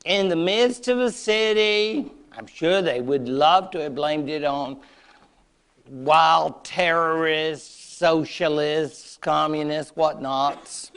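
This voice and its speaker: A man's voice: a little high, slow, a bit bright, clean tone. A man giving a history lecture to adult learners, chatty and wry with playful asides.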